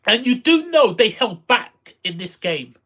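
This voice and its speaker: An excitable streamer reacts live to gameplay, voice leaping up and down with a bright, forceful edge. They repeat themselves and burst into exclamations. Casual live-stream chatter throughout. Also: mid-range voice, a little slow.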